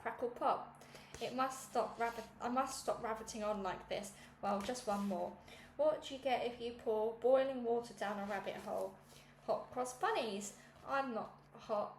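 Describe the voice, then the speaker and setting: A woman reading a children's book aloud, telling the story in a lively way with small slips and self-corrections. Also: medium pitch, gravelly, echoey room, a little hiss or hum. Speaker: audiobook reader.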